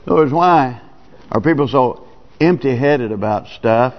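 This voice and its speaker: A pastor preaches a sermon in a church sanctuary, speaking in a plain, folksy, conversational way. His medium-pitched voice is animated and moderately paced, captured on a dull, lo-fi church recording with long reverb.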